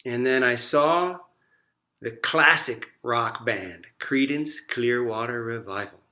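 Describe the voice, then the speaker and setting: A man introducing his own song in a soft, halting, rambling way, joining over a video call from home. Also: mid-range voice. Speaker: singer-songwriter performer. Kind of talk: casual spoken song introduction. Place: at home in Virginia, joining remotely.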